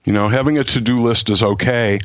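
A man's voice: medium pitch, fairly even intonation, a little fast, a bit bright, dry recording. A man talking as a guest author on a podcast, enthusiastic and full of stammering restarts. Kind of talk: casual podcast chat.

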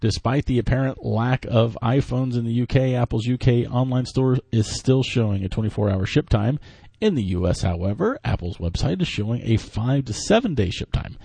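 A man co-hosting a tech news podcast, reading headlines and explaining things in a relaxed way with restarts. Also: medium pitch, moderate pace, creaky, husky, no echo. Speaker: podcast co-host.

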